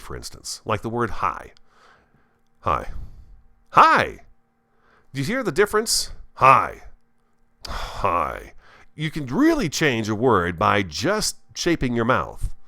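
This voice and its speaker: A man hosts a Minecraft let's play, offering casual gameplay commentary in an enthusiastic, radio-style delivery as he chats with viewers and talks to himself while playing. His medium-pitched voice swoops wildly, with a sharp tone and a measured pace.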